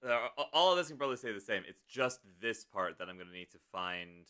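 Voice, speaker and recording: A male streamer chats casually while working out music, half talking to himself and half to his viewers. His voice sits on the low side but comes across bright and forward. Its tone is clean and smooth. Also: animated, quick pace. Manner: mutters to himself, hums drum rhythms, reads chat aloud.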